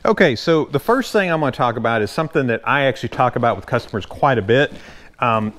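A man with a Southern drawl talks through kayak terms like a friendly shop hand showing a customer around. His voice sits at an everyday middle pitch, and his delivery is easygoing and folksy, with plenty of loose fillers along the way. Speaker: kayak channel host and retailer. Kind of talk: casual instructional explainer.

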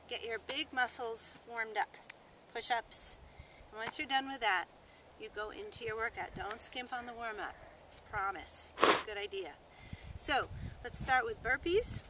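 A high, bright-voiced woman coaches an outdoor workout, upbeat and encouraging as she walks through each exercise. She is recorded outdoors in the countryside on a camera mic. Faint background noise sits behind her. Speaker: fitness instructor. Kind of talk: workout demonstration. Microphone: camera mic held by a cameraman.

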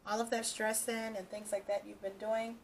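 A woman's voice: mid-range voice, level tone, moderate pace, a little hiss or hum. A woman doing a casual tarot reading for her channel, talking straight to the viewer and reassuring them, often checking in with "okay" and "all right". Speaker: tarot reader.

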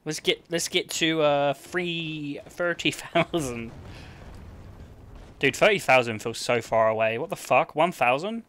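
A young Englishman streams a game with casual commentary, cracking crude jokes and swearing a lot. His voice is fairly high, unhurried, and fairly bright, with slight background noise.

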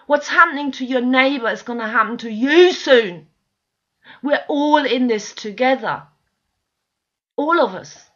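A video blogger at home, dogs close by, gives an impassioned, frustrated monologue to camera, pleading with her listeners and swearing a lot. Her voice is high and fairly bright, with a measured pace and frequent pauses. The recording is dull and lo-fi.

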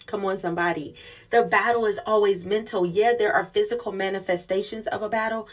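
Female preacher, husky tone, fervent sermon delivery with call-outs to the congregation. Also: medium pitch, steady tone, fairly quick.

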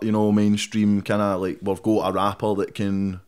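A man's voice: on the low side, level tone, moderate pace, darkish tone. A young Scottish man, a rapper guest in a casual interview, blunt and sweary, tossing "mate" into nearly every sentence. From Scotland.

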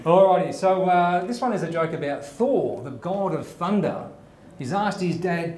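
A man's voice: sits high, normal speed. Man telling jokes animatedly. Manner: animated storytelling with asides. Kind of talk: telling jokes on a comedy show. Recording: echoey room with faint background noise.

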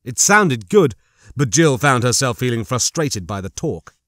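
A man narrating an audiobook in a steady, even storytelling manner. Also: medium pitch, a little slow, no echo, studio quality. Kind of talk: scripted narration.

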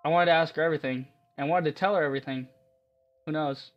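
A man reading the lines of a quiet, dreamy teenage schoolboy narrating his memories in a soft, reflective way. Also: a little high, steady tone, fast, muffled recording, faint music behind, natural voice.

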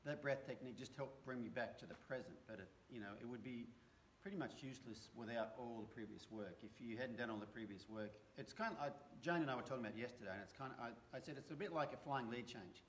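A man who trains horses, talking casually in a live video with a relaxed, rambling way of telling stories and frequent restarts. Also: mid-range voice, quick pace, hardly any pauses, a little hiss or hum. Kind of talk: casual conversational chat.

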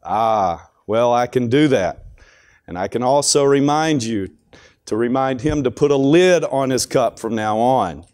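A man voicing God as a patient, gently coaxing father figure in an earnest, pleading way. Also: mid-range voice, animated, measured pace, no echo, studio quality, close to an everyday voice. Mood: calm.

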